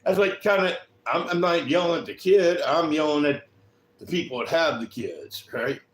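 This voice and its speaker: A man's voice: on the high side, animated, moderate pace. A man with a slightly raised voice rambles casually and swears freely. He keeps tossing in "right?" as he talks. His voice bounces around an echoey room. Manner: profane, keeps asking "right?". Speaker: vlogger.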